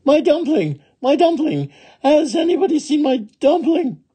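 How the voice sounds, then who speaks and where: A shrill, excitable little old woman from a storybook, put on by a man with a husky, mellow voice. She calls out high and fast-rising, swinging her voice all over the place. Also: heavily acted. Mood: anxious calling. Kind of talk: children's storybook reading.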